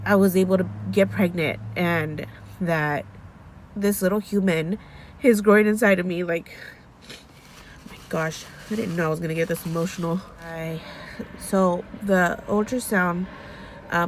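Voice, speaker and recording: A woman's voice: fairly low pitch, a little hiss or hum. A young woman vlogging in a casual, rambling way, often restarting her sentences and growing emotional. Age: young adult. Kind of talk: casual chat.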